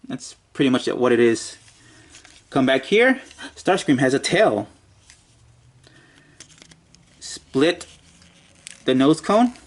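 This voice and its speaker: A man's voice: medium pitch, very animated, slow pace. Man casually reviewing a toy. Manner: mutters and jokes to himself while handling the toy.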